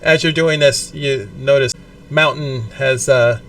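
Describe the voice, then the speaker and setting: A man's voice: medium pitch, steady tone, a little slow, a bit bright. A man running a tabletop game as game master, narrating in a casual, profane, descriptive way. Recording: distant mic with faint background noise.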